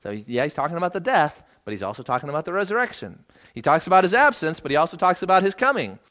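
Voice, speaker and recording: Lively, emphatic male preacher. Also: fairly high pitch, racing. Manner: emphatic, rising into dramatic readings of quoted lines. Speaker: pastor. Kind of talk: expository Bible sermon. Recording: dull lo-fi recording.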